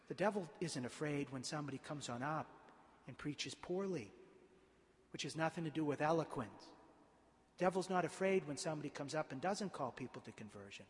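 A male priest preaching a homily, moving from quiet storytelling to emphatic, impassioned points. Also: a little high, normal speed. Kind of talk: sermon. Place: church. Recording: long church reverb.

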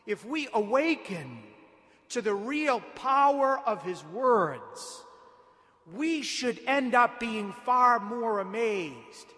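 Priest, male, high voice, emphatic homily with slow stressed phrases, long church reverb. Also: big pitch swings, bright, forceful tone. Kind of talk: Gospel reading and homily. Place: large church.

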